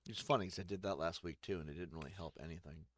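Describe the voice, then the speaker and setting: A man's voice: deep voice, very fast, a bit bright, no room sound. A man giving rambling, joking, profane let's-play commentary while playing a game. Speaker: gaming streamer.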